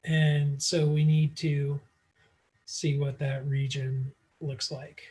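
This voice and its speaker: A man's voice: fairly high pitch, little pitch movement, slow, darkish tone. A man teaching math in a casual online lecture, working through problems aloud with frequent fillers, recorded on a computer mic. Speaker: math instructor.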